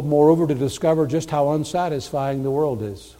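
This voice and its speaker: A man preaching a sermon, earnest, moving from hushed, tender passages to loud, emphatic declarations. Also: on the high side, fairly quick. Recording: long hall reverb.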